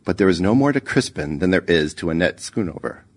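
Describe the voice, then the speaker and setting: A man narrating a short story in a measured, even reading. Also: low-pitched. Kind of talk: scripted narration.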